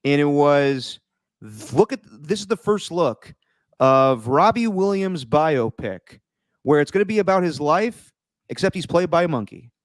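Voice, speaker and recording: A man co-hosting a casual podcast chat, animated and mocking, tossing in quick impressions. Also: on the high side, no echo, clean studio sound. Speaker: podcast co-host.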